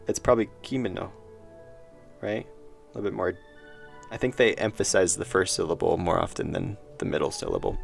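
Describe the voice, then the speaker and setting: A man's voice: low voice, expressive, brisk, gravelly, pauses often, faint music behind. A man casually commenting while he plays a horror game, musing aloud and reading the game's dialogue as he goes. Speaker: streamer playing a horror game.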